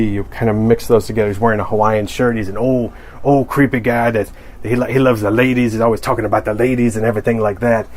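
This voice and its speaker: Male cartoonist, mid-pitch, loose rambling podcast talk, jokey. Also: darkish tone. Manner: rambling and joking, with many restarts. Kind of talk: casual podcast monologue.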